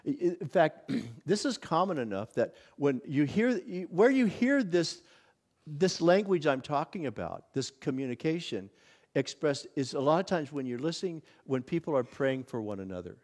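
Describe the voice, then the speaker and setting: A visiting pastor teaching a church workshop in a casual, conversational way, often acting out little exclamations of wonder. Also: male voice, fairly high pitch, sing-song, normal speed, darkish tone. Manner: conversational, many restarts and acted-out inner exclamations.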